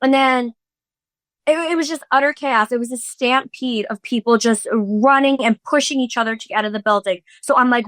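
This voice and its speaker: Bright-voiced woman telling a frantic story. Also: fairly high pitch, normal speed, dry recording. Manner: breathless, swearing, fillers, re-enacting quotes. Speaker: podcast host. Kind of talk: casual storytelling chat.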